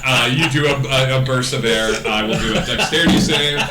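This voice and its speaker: Man as game master, relaxed, rambly narration. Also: medium pitch, roomy sound, background noise. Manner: casual, halting with many fillers.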